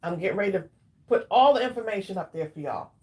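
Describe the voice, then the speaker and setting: A woman's voice: medium pitch, animated, mellow. Chatty woman hosting a live. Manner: chatty, greets viewers by name, drawn-out exclamations. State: eating while talking. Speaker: craft livestream host. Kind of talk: casual live chat with viewers.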